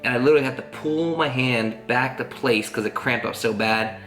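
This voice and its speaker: Casual vlogger man, bright forceful voice, rambling earnest telling, roomy echo, faint guitar behind. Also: medium pitch, brisk. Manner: rambling, earnest, full of "like" fillers. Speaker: family vlogger. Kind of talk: casual storytelling to camera.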